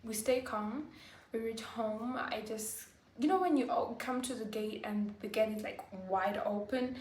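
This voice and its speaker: A woman vlogger telling a personal story to camera, halting and full of fillers like "like" and "you know". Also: fairly high pitch, darkish tone. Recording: roomy echo, faint background hiss.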